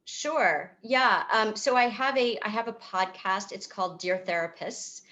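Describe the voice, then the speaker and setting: A woman's voice: medium pitch, a little slow, pushed and bright, muffled recording. A woman psychotherapist speaking at a virtual event over a video call, answering questions in a thoughtful, explanatory way with frequent fillers and restarts. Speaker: psychotherapist and author.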